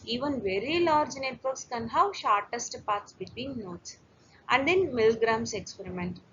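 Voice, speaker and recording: A woman's voice: a little high, expressive, a little slow, fairly bright tone, a little hiss or hum. Woman lecturer, dull lo-fi recording. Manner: explains step by step with fillers and restarts.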